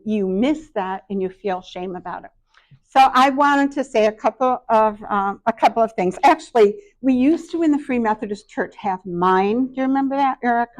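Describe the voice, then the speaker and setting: A middle-aged woman giving a workshop talk, telling personal stories in a self-deprecating, anecdotal way. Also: mid-range voice. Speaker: workshop speaker.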